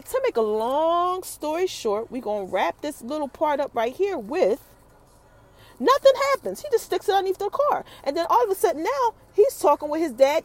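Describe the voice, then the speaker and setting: Lively high-voiced woman podcaster. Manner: chatty, addresses listeners directly, retells scenes in quick asides. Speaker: podcast host recapping a TV episode. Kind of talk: casual recap monologue.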